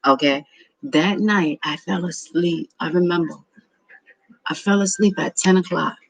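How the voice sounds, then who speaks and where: A man's voice: on the high side, a little slow, gravelly, breathy edge, no echo, low-quality recording. A man in his thirties telling a rambling, profane personal story in a casual monologue. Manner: rambling, profane, repeats himself. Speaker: vlogger.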